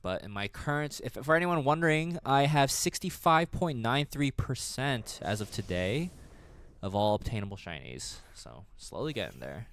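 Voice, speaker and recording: A man's voice: medium pitch, big pitch swings, normal speed, fairly bright tone. A man streaming games and chatting casually, rambling, laughing often and swearing freely. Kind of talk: casual livestream chat.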